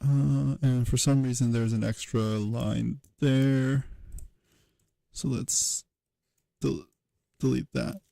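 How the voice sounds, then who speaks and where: A man giving a casual livestream tutorial, thinking aloud at his computer in a halting way, with many fillers and self-corrections. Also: medium pitch, fairly even intonation, creaky, dark tone, no room sound, poor audio. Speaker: streamer teaching historical linguistics.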